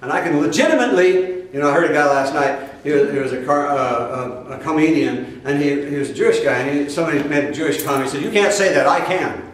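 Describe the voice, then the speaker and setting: A man's voice: a little high, quick pace, few pauses, slight background noise. A man from Iowa gives a spiritual talk in an emphatic, folksy way, with mocking asides. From Iowa, USA. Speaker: spiritual teacher. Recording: very echoey room, heard from a distance.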